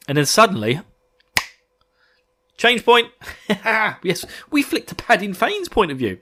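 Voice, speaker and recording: A man hosting a podcast, chatting excitably about a book, laughing often and swearing casually. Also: high-pitched, measured pace, pauses often. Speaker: podcast host. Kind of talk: casual book-discussion chat.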